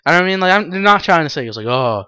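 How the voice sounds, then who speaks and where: A young adult host giving a casual solo podcast monologue, excitable and rambling, laughing often and swearing freely. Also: medium pitch, fast, clean tone, no room sound. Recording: dull lo-fi dry recording.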